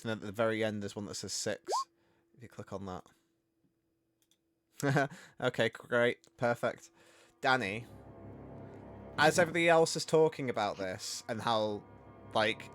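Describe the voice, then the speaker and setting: A man's voice: medium pitch, a bit bright. A man running a tabletop game as game master, narrating casually with many fillers and restarts.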